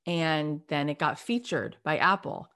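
A middle-aged woman telling a story in an animated, emphatic way in a casual conversation. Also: deep voice, a little slow. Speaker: podcast host and guest.

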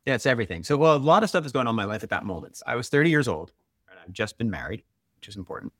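A man in his forties, a guest and author, tells stories candidly in conversation, peppering them with "like" and "right?". His mid-range voice is very animated, very fast and a bit bright. The recording is dry and studio quality.

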